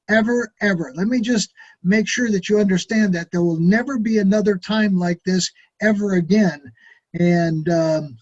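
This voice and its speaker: A man's voice: sits high, a little mellow, breathy edge, highs cut off. A middle-aged man leading a direct sales training, folksy and urging, who acts out sample phone calls to friends.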